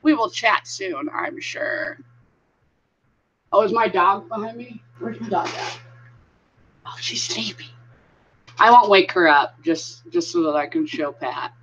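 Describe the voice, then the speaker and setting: A woman's voice: mid-range voice, a little slow, long pauses, a bit bright, slightly rough. A woman hosting a casual live stream, chatting with viewers and greeting them by name. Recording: dull lo-fi sound.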